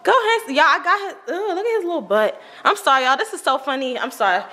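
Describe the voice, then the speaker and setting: A young woman chatting casually to her viewers in a home vlog, excitable and talkative, often saying y'all. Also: sits high, quick pace, roomy sound, poor audio. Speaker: vlogger.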